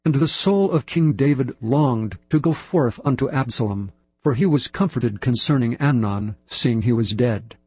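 A man giving a measured, solemn scripted reading of Bible passages. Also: mid-range voice, a little mellow, husky, dry recording, dull audio. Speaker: scripture reader.

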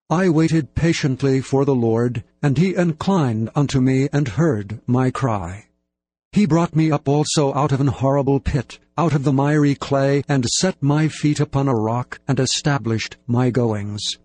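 A man reading scripture aloud in a measured, reverent way. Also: mid-range voice, a little mellow. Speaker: scripture reader.

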